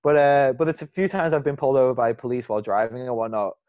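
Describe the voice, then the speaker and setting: A man's voice: mid-range voice, fast, dry recording. A man with an English accent telling stories in casual podcast chat, restarting sentences as he goes. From England. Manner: animated storyteller, rambling restarts. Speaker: podcast co-host. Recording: dull dry lo-fi sound.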